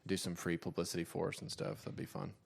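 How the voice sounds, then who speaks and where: A man's voice: deep voice, completely flat delivery, quick pace, creaky, slightly rough. A man in his thirties co-hosting a casual comedy podcast, rambling through stories and breaking into mocking voices. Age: 30s. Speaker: podcast co-host.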